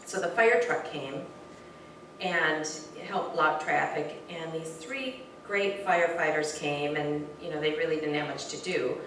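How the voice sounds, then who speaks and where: A woman telling an informal personal story to a spiritual gathering. She is animated, often restarts sentences and uses many fillers. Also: deep voice, a little slow. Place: hall of a spiritual center. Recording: very echoey room from far off with faint noise.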